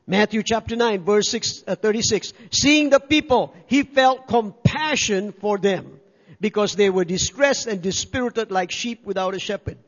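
An older man preaching with a strikingly high voice, pressing his points by repeating words and calling out for amens. His voice rings through a reverberant church hall and sounds a little dull and muffled. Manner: emphatic, repeats key words, calls for amens. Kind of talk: sermon.

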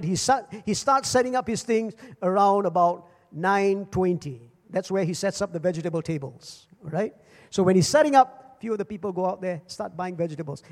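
Older male pastor, high voice, preaching with dramatic rises and drops, repeats phrases, reverberant church hall. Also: a little mellow. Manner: dramatic swings in pitch and volume, repeats phrases. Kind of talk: sermon. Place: church service.

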